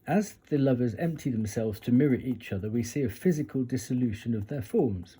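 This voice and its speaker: A man's voice: medium pitch, fairly quick, hardly any pauses, warm tone, slight background noise. A man doing a casual tarot reading, reading passages aloud from a guidebook and breaking off for chatty asides and retakes. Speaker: tarot reader.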